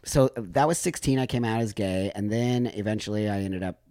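A man's voice: fairly low pitch, a little fast, mellow, dry recording, studio quality. A man talking openly and with feeling as a podcast guest, telling personal stories and backing up the hosts. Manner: emotional, open, affirming. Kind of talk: candid podcast storytelling.

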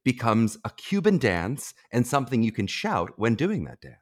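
A man's voice: medium pitch, normal speed. A man hosting a podcast quiz game, reading clues in a playful, teasing way. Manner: teasing, animated, bouncy delivery.

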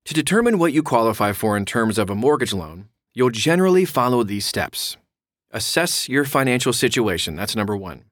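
Male explainer voice, mid pitch, clear and instructive with casual asides, close and dry sound. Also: very animated, a little fast, a bit bright, no room sound. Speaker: mortgage explainer. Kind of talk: reading an explainer aloud.

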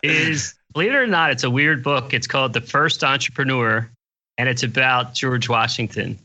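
A man's voice: medium pitch, normal speed, sharp tone. An older man, a guest investor on a podcast, answering questions in an easygoing, plain-spoken way. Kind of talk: casual interview chat.

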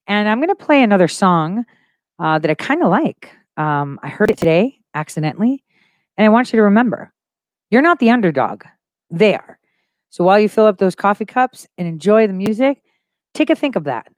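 A woman's voice: medium pitch, big pitch swings, a little fast, no room sound, studio quality. A woman hosting a casual livestream, speaking emphatically with conviction and repeating phrases for stress. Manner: insistent and full of conviction. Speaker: livestream host.

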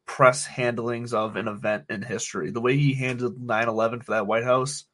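A man's voice: mid-range voice, steady tone, moderate pace, a bit bright. A man co-hosting a casual golf podcast, chiming in and laughing along with his co-host.

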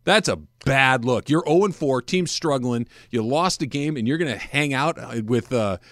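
Blunt sports radio host, dry studio sound. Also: male voice, mid-range voice, moderate pace, a bit bright, no echo. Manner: blunt, emphatic, opinionated. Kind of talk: casual sports talk.

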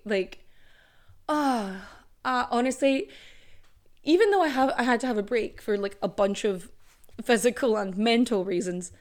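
Woman podcast host, young adult, casual, animated, swears a lot, fairly high voice. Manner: chatty and animated, swears freely. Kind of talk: casual chat.

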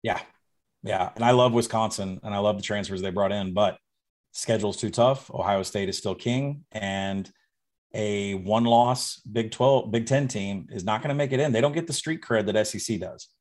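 A man with a lowish voice, from Arkansas, talks through his sports betting picks with firm confidence. His delivery is casual and emphatic, like a regular podcast guest. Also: normal speed, darkish tone. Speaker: college football betting guest.

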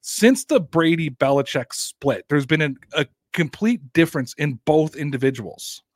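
A man hosting a casual sports podcast, talking in an energetic, rambling way with quick asides. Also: a little high, no room sound, studio quality. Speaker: podcast host.

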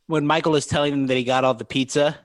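A man's voice: a little high, steady tone, fast, no room sound. A man co-hosting a casual podcast, retelling scenes and quoting lines. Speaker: podcast co-host. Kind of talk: casual chat.

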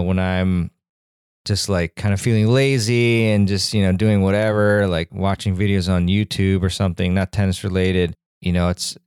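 Low, smooth-voiced joking podcast host man. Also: a little mellow, dry recording, clean studio sound. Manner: jokey, rambling, self-deprecating. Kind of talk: casual outro chat.

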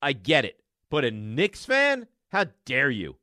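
A man hosting sports talk radio, animated and sarcastic as he rants. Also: medium pitch, unhurried, dry recording, clean studio sound.

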